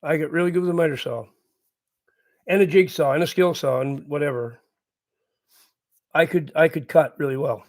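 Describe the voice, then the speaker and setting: A middle-aged man with a fairly high voice spins a long, loose story to his live chat. He circles back and repeats lines, chuckling through his own tale. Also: normal speed, long pauses. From Canada. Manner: rambling, repeats himself, laughs through the telling. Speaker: channel host.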